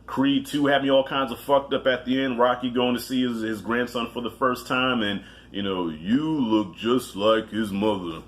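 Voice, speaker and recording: A man counts down his favorite movies in a casual, rambling way, full of restarts and swearing. His pitch sits in a middle range for a man, and he jokes at his own expense as he goes. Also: steady tone, moderate pace, few pauses, fairly bright tone. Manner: loose and profane, with self-mocking asides. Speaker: movie reviewer.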